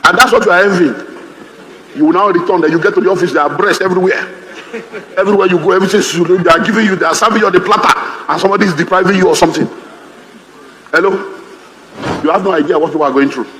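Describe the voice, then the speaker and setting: Nigerian pastor guy preaching, high voice, funny and animated, big echoey hall. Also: very fast, long pauses, a little hiss or hum. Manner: animated and humorous, acting out quoted voices. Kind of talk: sermon.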